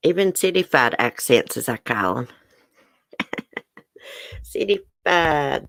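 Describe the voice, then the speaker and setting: Middle-aged Southern woman, livestream host, low and chatty, dry close sound. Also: very animated, slow, fairly bright tone, dry recording. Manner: chatty, laughs often, says y'all. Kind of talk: casual livestream chat with viewers. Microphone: webcam or phone close up.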